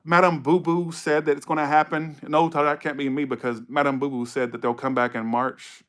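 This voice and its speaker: A man's voice: a little high, little pitch movement, moderate pace, fairly bright tone, close to an everyday voice. A man putting on the voice of a gullible female viewer who naively waits for her ex, in a mocking, dreamy tone.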